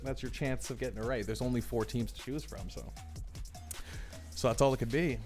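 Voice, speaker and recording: A man hosting a livestream, chatty and excitable, often repeating his phrases as he reads the chat. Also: mid-range voice, brisk, faint music behind. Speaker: livestream host running a tournament draw. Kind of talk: live-stream commentary reading chat.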